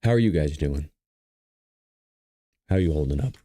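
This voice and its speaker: Deep-voiced man, choked up on stream. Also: lively intonation, dark tone, no room sound, studio quality. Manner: halting, trailing off and restarting. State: tearful, choked up. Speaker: livestream host. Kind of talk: emotional live stream talk.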